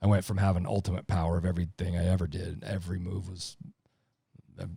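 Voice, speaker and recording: A man's voice: sits low, flat delivery, fast, creaky, warm tone, slightly rough, no room sound, studio quality. A middle-aged man talking casually on a podcast, blunt, profane and emphatic. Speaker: podcast guest, lineman.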